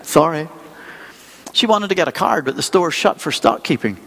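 A man preaching a sermon as a pastor, telling stories in a lively, conversational way and acting out small scenes. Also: on the high side, fairly quick, big-room sound, slight background noise. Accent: non-local accent.

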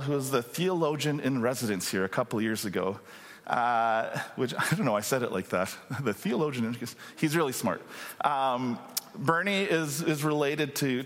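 A man in his forties preaching, telling a funny story in an animated, self-mocking way with many fillers. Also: on the high side, long reverb tail. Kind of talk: storytelling sermon.

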